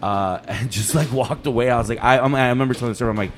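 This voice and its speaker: Fast-talking profane chef telling a story. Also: male voice, mid-range voice, a little hiss or hum. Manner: animated, profane, acts out quotes in his story. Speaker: chef and restaurant owner. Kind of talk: casual podcast storytelling.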